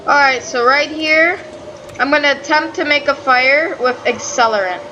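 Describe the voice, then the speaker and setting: A woman casually commenting on her own gameplay, excitable and swearing freely as she talks back at the game. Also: sits high, moderate pace, dull audio, slight background noise. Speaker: gaming channel host. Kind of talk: casual let's-play commentary.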